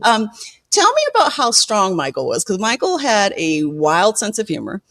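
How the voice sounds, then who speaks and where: A lively woman host chats casually in an interview, laughing often and acting out quotes as an animated storyteller. Her medium-pitched voice moves at normal speed, with clean studio sound and no room sound.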